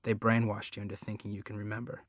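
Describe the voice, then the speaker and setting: A man's voice: fairly low pitch, monotone, quick pace, no echo, clean studio sound, lightly acted. A man voicing a cold, menacing killer father in an audiobook, speaking in a controlled, dismissive way.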